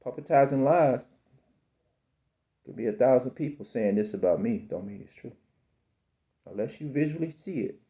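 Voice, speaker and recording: A man in his fifties delivers a slow, repetitive, preachy spiritual monologue on believing in yourself, often calling the listener baby. His medium-pitched voice is animated and mellow.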